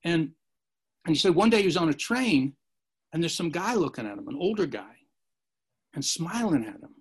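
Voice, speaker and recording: A man's voice: fairly high pitch, very animated, normal speed, long pauses, husky. A man telling rambling martial arts anecdotes in a casual chat, acting out the quotes. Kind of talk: casual storytelling.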